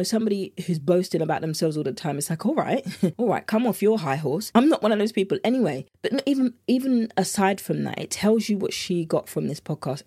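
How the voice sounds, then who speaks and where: A woman's voice: lowish voice, mellow, no echo, studio quality. Earnest British woman hosting a podcast. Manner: earnest, heartfelt and repetitive. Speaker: podcast host, meal planning coach. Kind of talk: solo podcast monologue.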